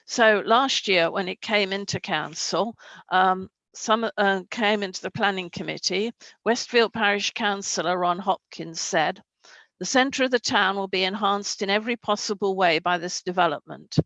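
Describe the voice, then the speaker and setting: A councillor makes her case to a planning committee over a video call. Her voice has a gravelly edge of vocal fry, and the sound is dry and close. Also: medium pitch, moderate pace, fairly bright tone, no room sound, low-quality recording. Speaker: councillor speaking on an application. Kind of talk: prepared statement at an online council meeting.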